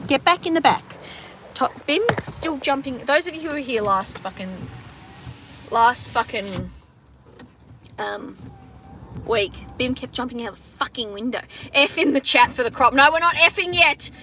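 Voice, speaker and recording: A woman's voice: high voice, unhurried, bright, forceful tone, a little hiss or hum. Sweary Australian woman chatting from a car. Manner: sweary, rambling, chatty with frequent restarts. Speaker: farmer livestreaming to viewers. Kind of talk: casual livestream chat. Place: inside a car driving around a farm. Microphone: phone front camera.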